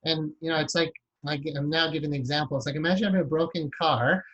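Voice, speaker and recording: A man interviewing a guest in a relaxed conversation. He talks at length, strings together long examples and keeps checking in with "right?". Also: fairly high pitch, fast talker, muffled recording. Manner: talkative, builds long examples, frequent "right?". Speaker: interviewer and hypnotherapy teacher.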